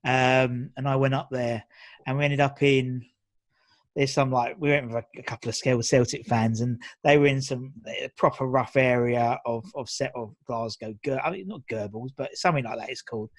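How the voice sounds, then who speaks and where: A male podcast host chats casually, jumping in with eager affirmations and short stories of his own. His voice sits at a middle pitch. The sound is dry and close, with no room echo. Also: fairly even intonation. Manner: enthusiastic, quick affirmations. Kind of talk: casual chat.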